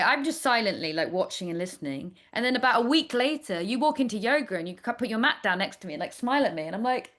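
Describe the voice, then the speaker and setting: A woman's voice: fairly high pitch, very animated, fast, few pauses, a bit bright. A woman guest in a casual interview, a chatty storyteller who talks in a playful, candid way. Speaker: astrologer guest.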